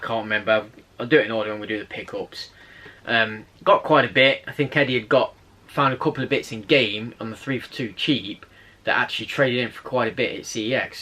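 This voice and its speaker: A man tells a story from his weekend in a casual vlog. His voice is bright and forward at an ordinary pitch. He rambles, restarts, and chuckles as he goes. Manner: chatty, rambling, laughs while telling a story. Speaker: channel host.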